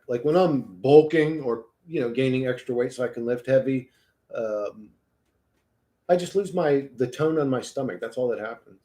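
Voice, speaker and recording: A man hosting a casual livestream, rambling and joking with a lot of swearing, swinging between low mumbles and loud bursts. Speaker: livestream host reading chat.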